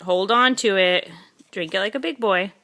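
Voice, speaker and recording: A young mother at home chats with her small child in a home video. She coaxes him gently and repeats simple questions, keeping her speech easy for a toddler to follow. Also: medium pitch, normal speed. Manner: coaxing, asks simple questions over and over.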